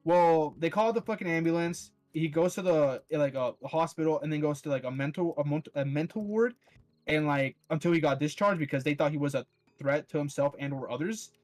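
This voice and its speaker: A man's voice: on the high side, fairly quick, darkish tone, faint music behind. Rambling, foul-mouthed young-sounding man. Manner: rambling, heavy swearing, lots of "like" fillers. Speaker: podcast host. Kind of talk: casual storytelling.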